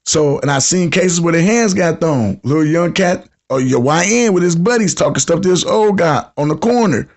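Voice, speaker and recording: A U.S. podcast host in his fifties chats with callers on a casual show, storytelling in heavy slang and acting out the folks he quotes. His voice sits a little high and sounds animated, at normal speed with few pauses.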